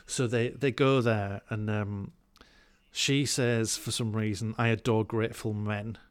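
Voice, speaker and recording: A man's voice: fairly low pitch, fairly even intonation, measured pace, clear, resonant tone. A man recapping a film in a rambling, hesitant way, full of ums and crude jokes. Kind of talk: casual film chat.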